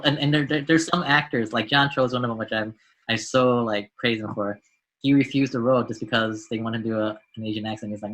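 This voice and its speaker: A man's voice: mid-range voice, fairly even intonation, fast talker, fairly bright tone, rough recording. An American man, a doctor being interviewed on a podcast, speaking in a reflective way and often repeating words as he restarts. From United States. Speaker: guest, doctor and mentor.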